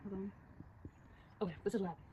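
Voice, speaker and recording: A teenage girl chatting casually and rapidly, telling a story while drawing and acting out the voices of the people in it. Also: medium pitch, steady tone, phone-quality sound, background noise. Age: teens. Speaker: storyteller vlogger.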